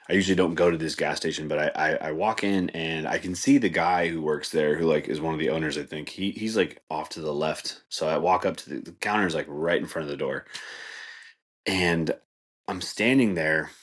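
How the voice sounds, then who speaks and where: A man with a low, deep voice, talking loosely and at length as a podcast host. He rambles in a laid-back way, leans on filler words, and chuckles at his own remarks. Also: a little fast. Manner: rambling, laid-back, says "dude" and "like" a lot, laughs at his own jokes. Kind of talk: casual comedic monologue.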